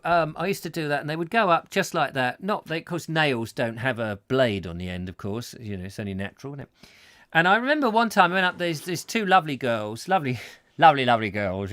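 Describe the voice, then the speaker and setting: A man's voice: mid-range voice, a bit bright, dry recording, clean studio sound. A man hosting a comic live chat show, rambling through jokey stories and singing little snatches. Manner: chatty, jokey storytelling, sings snatches. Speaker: host.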